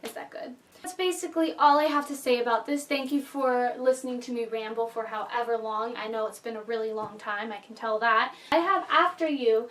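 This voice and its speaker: A woman's voice: high voice, fairly bright tone, far from the mic. A woman reviewing a book and its movie in a chatty, emotional, gushing way. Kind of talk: casual vlog review.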